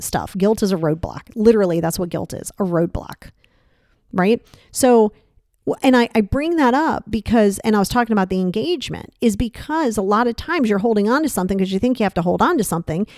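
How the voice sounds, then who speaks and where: A woman in her fifties hosting a podcast, talking in a blunt, frank, casual monologue and swearing freely, with her pitch jumping up for emphasis. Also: dry recording, clean studio sound. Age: 50s. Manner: animated, pitch jumps for emphasis. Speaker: podcast host.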